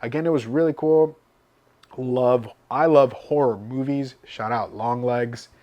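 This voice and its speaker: A man's voice: mid-range voice, a little slow, highs cut off. A man with a mid-range voice chats about books he has been reading. He sounds enthusiastic and talkative, in a casual vlog-style review. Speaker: book vlogger.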